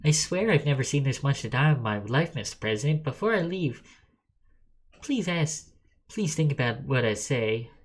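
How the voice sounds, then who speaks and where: A man voicing a pushy female self-improvement coach in a high, sing-song falsetto, lecturing while reading game dialogue aloud. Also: lively intonation, normal speed, close to an everyday voice. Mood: preachy.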